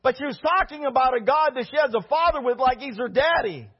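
A man preaching a sermon as pastor, animated, with rhetorical questions and shouted peaks. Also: extremely high pitch, fairly quick, husky, muffled recording.

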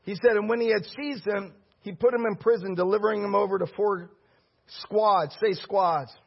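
A middle-aged man, a pastor, preaching a sermon with a husky voice, calling for the congregation's response and building to shouts. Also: sits high, moderate pace, muffled recording.

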